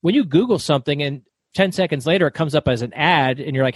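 Fast, loud storytelling man. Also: on the high side, animated, slightly rough, no room sound. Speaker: guest author. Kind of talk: storytelling interview.

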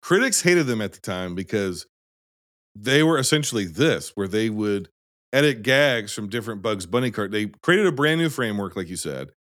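A man talks movies in relaxed podcast banter, emphatic and quick to make his point. His pitch swings widely as he gets into it. The sound is dry and close, with no room echo. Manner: animated, emphatic, swears casually. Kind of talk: casual film discussion.

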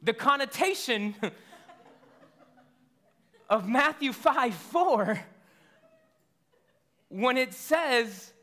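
A man delivers a sermon in a high, bright voice. He preaches conversationally, tossing out rhetorical questions and stumbling into quick restarts as he works through his point. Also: expressive. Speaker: pastor.

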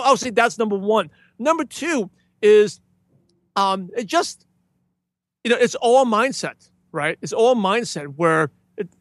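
A podcaster appears as a guest in a casual interview, speaking enthusiastically in a high-pitched voice with no echo. He acts out greetings with animated emphasis.

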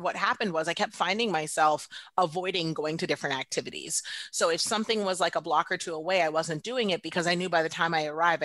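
A middle-aged woman, a podcast guest, telling a personal story in casual conversation and jumping into high mock voices. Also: a bit bright, no echo.

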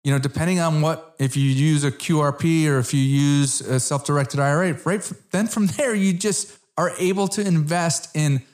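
A man's voice: on the high side, normal speed, hardly any pauses, a little mellow. A man hosting a casual interview, friendly, with enthusiastic reactions. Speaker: host.

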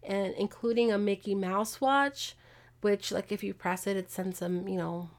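A woman hosting a podcast, casually retelling a true-crime case with animated, exasperated asides. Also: mid-range voice, normal speed. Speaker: podcast host.

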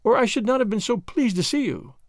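A man's voice: very high voice, lively intonation, brisk, dry recording, clean studio sound, pitched above the performer's own voice. A man reading an audiobook, voicing a witty, bored young French noblewoman with a merry, teasing manner. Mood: arch, merry. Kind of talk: audiobook character voice.

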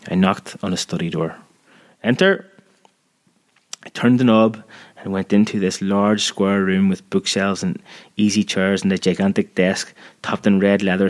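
Low-voiced man reading a story aloud. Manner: measured, vivid storytelling. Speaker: narrator. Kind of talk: scripted audiobook narration.

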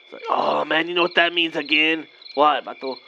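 A man's voice: fairly high pitch, fairly even intonation, fairly quick, creaky, pushed and bright. Slacker-drawling man in his thirties, lo-fi. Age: 30s. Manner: laid-back slacker drawl, saying "man" and "vato" constantly. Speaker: comedian. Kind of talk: improvised character comedy sketch. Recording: dull lo-fi audio with faint night noise.

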